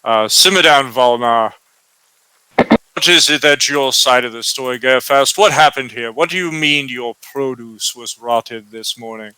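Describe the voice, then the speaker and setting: A man's voice: medium pitch, a little slow, sharp tone, clear, resonant tone, no room sound, poor audio. A man voicing a firm, placating male town guard. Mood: stern.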